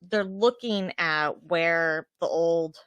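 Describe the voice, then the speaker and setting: A woman's voice: on the low side, slow pace, a bit bright, clean tone, dry recording, highs cut off. Chatty woman cohosting a podcast, laughs a lot, dry close mic. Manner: chatty, laughs often, thinks aloud. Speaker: podcast co-host. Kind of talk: casual chat recapping a TV episode.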